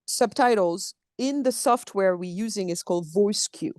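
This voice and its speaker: Woman, expressive storyteller, conversational interview, dry sound. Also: mid-range voice, moderate pace, dry recording. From France. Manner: animated storyteller acting out quotes, restarts often. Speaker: actor and dub producer. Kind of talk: casual interview chat.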